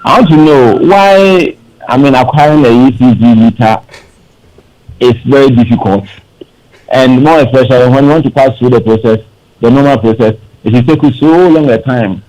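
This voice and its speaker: A man's voice: medium pitch, normal speed, darkish tone, low-quality recording. A man calling a radio show, politely asking his question. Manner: polite, apologetic. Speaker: caller. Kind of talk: call-in question.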